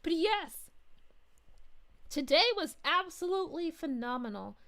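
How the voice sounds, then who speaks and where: A woman's voice: high voice, expressive, a little slow, a bit bright, exaggerated voice. A woman voicing a cheerful young princess, reading chat on a live stream in character and gushing with thanks. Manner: gushing, effusive, frequent giggles and "aw"s. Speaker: VTuber streamer.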